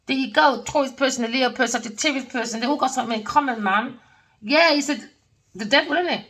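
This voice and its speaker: A woman's voice: high voice, quick pace, a bit bright, distant mic, poor audio. A woman giving a casual tarot reading, rambling and emphatic with plenty of slang. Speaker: tarot reader.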